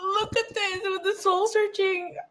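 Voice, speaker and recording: Her voice is very high-pitched and fairly bright, with a level tone and a measured pace. A young adult woman, she's giving a casual tarot reading, chatty and emotional, swearing, laughing and tearing up along the way.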